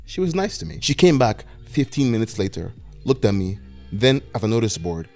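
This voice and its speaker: A man's voice: medium pitch, sing-song, moderate pace, gravelly, a little mellow, soft background music. A 21-year-old man narrating a scripted video essay with wry, self-deprecating, anxious rambling.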